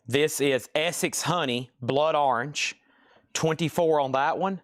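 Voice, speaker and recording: A man hosting a live online vinyl sale, briskly rattling off titles, prices and buyer names in a casual sales patter. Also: fairly high pitch, dry recording, studio quality.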